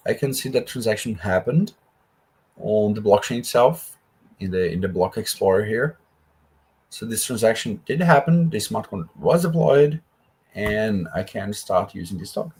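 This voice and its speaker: A man's voice: on the low side, lively intonation, normal speed, darkish tone, husky. A man teaching a live coding workshop, explaining each step in a conversational way with asides. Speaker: workshop instructor.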